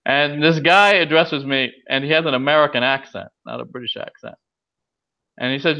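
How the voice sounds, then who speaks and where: Male guest, casual storyteller, halting with fillers, dull lo-fi recording. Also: fairly high pitch, gravelly. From California. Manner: hesitant, many uh fillers and restarts. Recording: dull lo-fi audio.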